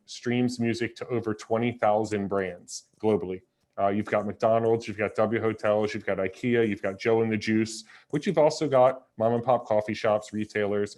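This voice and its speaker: A man's voice: on the low side, darkish tone. A man interviewing a guest, introducing him in a friendly, lightly joking way before asking questions.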